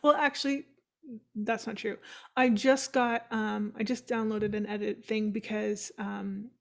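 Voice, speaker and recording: A woman hosting a casual podcast chat over a video call, chatty, encouraging and quick to laugh. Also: mid-range voice, little pitch movement, creaky. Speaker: podcast host.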